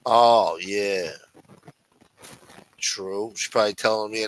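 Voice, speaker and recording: A man hosting a late-night live stream, swearing freely and bantering with his chat. His voice is bright and forward, at a middling pitch. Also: moderate pace, long pauses, poor audio. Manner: profane, animated and chatty with chat. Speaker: livestream host. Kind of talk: casual live-stream talk.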